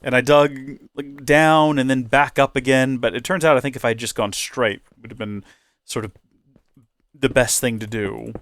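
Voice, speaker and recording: A man's voice: mid-range voice, steady tone, moderate pace, fairly bright tone, no room sound. A young man hosting a video game playthrough, chatting in a rambling, playful way. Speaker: host.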